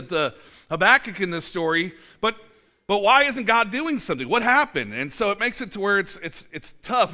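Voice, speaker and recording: With a high-sitting voice that's pushed and bright, a pastor in his forties offers a conversational sermon in church. He talks in a chatty way, restarting and using lots of fillers, and slips in dry humor about himself.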